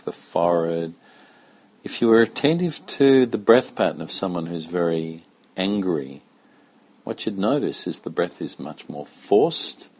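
A yoga teacher with a low, breathy voice gives a spoken lesson slowly and calmly. He speaks in a measured, deliberate way, with pauses.

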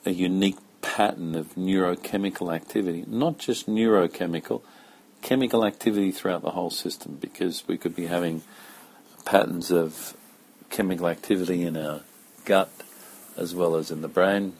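A man with a very low, husky voice gives a spoken yoga lesson. He talks slowly and calmly, with deliberate pauses between phrases. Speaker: yoga teacher. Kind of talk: slow, measured spoken lesson.

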